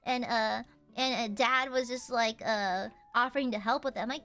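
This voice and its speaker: A woman's voice: fairly high pitch, brisk, a bit bright, soft background music. A woman streamer chatting casually with her viewers, giggly and rambling with lots of fillers. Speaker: livestreamer.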